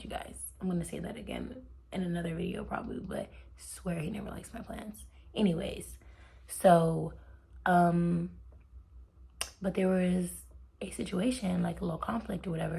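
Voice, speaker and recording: A young woman talks straight to her viewers about her faith, chatty and heartfelt. Her low voice has a gravelly fry to it, and she often sinks to a near whisper. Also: dark tone. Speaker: storytime vlogger. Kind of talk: casual faith storytelling to camera.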